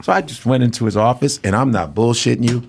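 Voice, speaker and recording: A male comedian guest telling profane, animated stories in casual chat. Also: mid-range voice, fast talker, vocal fry, a little hiss or hum. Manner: animated storytelling with profanity and voice switches.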